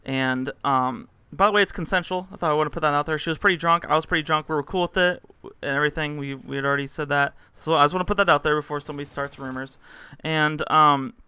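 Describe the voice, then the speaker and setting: A young man vlogging a rambling story, tossing in fillers and little acted-out quotes. His voice is bright and crisp, a touch higher than most men's, and the recording sounds close and dry. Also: fast, no echo. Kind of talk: casual storytelling to camera.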